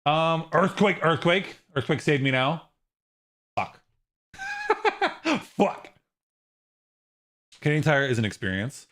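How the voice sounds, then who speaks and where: Excitable rambling male streamer. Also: unhurried, long pauses. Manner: rambling and excitable, jumping into high squeals and mock outrage; swears freely, trails off into low mumbles. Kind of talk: casual livestream chat while gaming.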